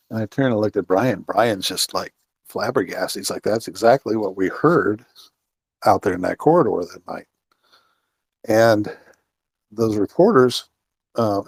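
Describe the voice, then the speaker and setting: A man's voice: mid-range voice, a little mellow, dry recording. A middle-aged man, a guest on an interview, telling a long outdoor story in a rambling way full of fillers and restarts. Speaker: guest, outdoorsman and Bigfoot researcher.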